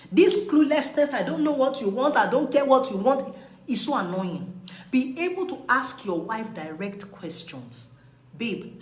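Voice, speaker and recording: A woman's voice: medium pitch, a bit bright, reverberant, poor audio. A woman, giving an emphatic, scolding live talk on marriage. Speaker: relationship speaker.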